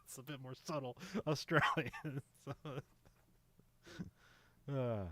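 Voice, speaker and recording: A man's voice: medium pitch, fairly even intonation, slow pace, a bit bright. A man co-hosting a casual movie podcast, rambling and laughing often, with lots of fillers. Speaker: podcast co-host.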